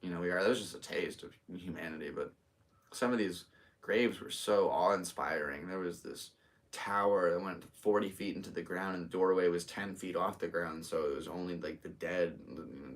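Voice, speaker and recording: A man's voice: deep voice, a bit bright, distant mic. A man in his thirties from Connecticut hosting a casual solo podcast, laid-back and rambling. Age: 30s. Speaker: podcast host and comedian.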